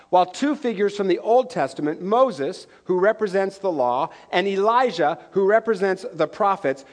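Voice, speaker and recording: A pastor preaching a lively, conversational sermon, joking and asking "right?" often. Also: male voice, sits high.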